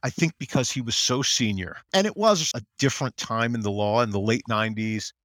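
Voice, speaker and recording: Animated middle-aged man, dry sound. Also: brisk, dry recording. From United States. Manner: animated storyteller, acts out quotes in higher voice. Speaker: general counsel, guest. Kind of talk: conversational interview.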